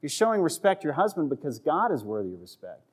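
Male pastor, slightly higher voice, chatty sermon delivery with playful asides. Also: wildly swooping pitch, fast talker, husky. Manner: conversational, checks in with the audience, acts out voices for humor.

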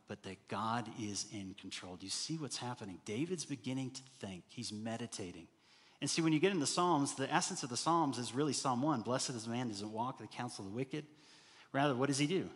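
A man preaching a sermon as pastor, animated and rising to loud, emphatic bursts. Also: medium pitch. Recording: hall reverb.

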